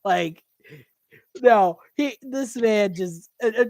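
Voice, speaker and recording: A woman's voice: mid-range voice, animated, a little mellow, no room sound. A woman running a tabletop game as game master, narrating with frequent restarts. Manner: halting, restarts often, laughs while narrating.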